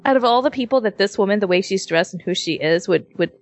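A woman co-hosting a casual podcast, talking in an animated way with lots of fillers. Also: mid-range voice, quick pace, soft background music. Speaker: podcast co-host. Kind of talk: casual chat.

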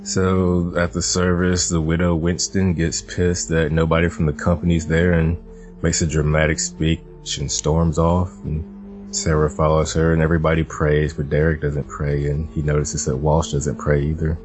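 Super deep voiced guy recapping a show on a podcast, keeps laughing, some music faint underneath. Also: monotone, normal speed, a little mellow. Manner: laughs often, jokey. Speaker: podcast host recapping episodes. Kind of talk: casual chat.

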